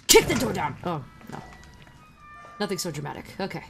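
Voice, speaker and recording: A woman's voice: lowish voice, wildly swooping pitch, moderate pace, vocal fry, loud music behind the voice. A woman gaming streamer giving sarcastic, profane commentary while playing a horror game and shrieking at the scares. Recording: noisy home recording.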